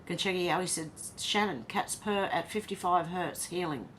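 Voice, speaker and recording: Aussie lady reading her livestream chat out loud, low-ish voice, chatty little replies in between. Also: moderate pace, slight background noise. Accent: Australian. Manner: reads viewer comments aloud with chatty asides. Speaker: livestream host.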